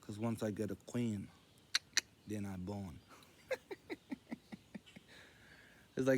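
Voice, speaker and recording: A man telling rambling jokes in casual storytelling, meandering and loose as he quotes others in a low murmur. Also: takes it slowly, pauses often, warm tone.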